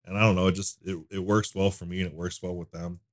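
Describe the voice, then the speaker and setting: A man with a very low voice talks openly in a podcast chat. He swears without a second thought and drops into soft, murmured asides. The sound is close and dry, with no room around it. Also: level tone, fast talker, no echo. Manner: candid, swearing freely, trailing into quiet asides. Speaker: podcast guest. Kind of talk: casual conversation.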